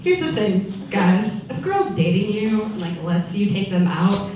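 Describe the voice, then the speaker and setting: A woman's voice: mid-range voice, very animated, moderate pace, warm tone, a little hiss or hum. Chatty twenty-something woman doing stand-up. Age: 20s. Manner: chatty storytelling, acts out voices. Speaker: stand-up comedian. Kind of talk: stand-up comedy set. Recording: echoey room, mic from a distance.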